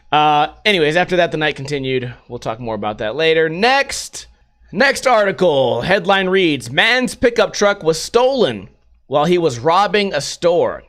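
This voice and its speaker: A man's voice: fairly high pitch, moderate pace. A man hosting a casual podcast, swearing freely and acting out the people in his stories as he reads and riffs on news items. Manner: profane, animated retelling with acted-out quotes. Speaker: podcast host. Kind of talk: casual storytelling and news commentary.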